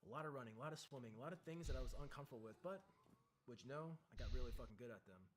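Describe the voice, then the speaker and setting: A man in the middle range of pitch tells a candid war-training story, swearing freely and pressing hard on key words. His delivery is intense and emphatic, and he slips into loud acted-out shouts from the story. A faint hiss sits behind him. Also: lively intonation, rapid-fire. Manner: acts out shouted quotes in the story. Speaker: military veteran guest.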